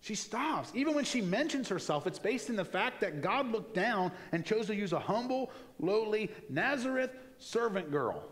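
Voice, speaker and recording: A man with a slightly high voice preaches a sermon in a church, talking to the room like a friend and acting out little asides. His words ring out with a long reverb from the sanctuary. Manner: conversational, animated preaching with acted-out asides. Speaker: pastor.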